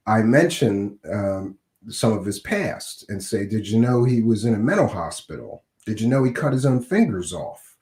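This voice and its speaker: A middle-aged man hosting a podcast, hoarse and scratchy from a cold, talking casually with many fillers. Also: lowish voice, darkish tone, reverberant. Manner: conversational, with frequent uh and um fillers. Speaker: podcast host.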